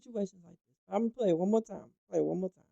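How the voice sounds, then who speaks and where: A woman's voice: medium pitch, very fast, creaky, dark tone, dry recording, dull audio. A woman hosting a gossip talk show, chatting emphatically and speaking straight to her viewers. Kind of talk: animated gossip commentary.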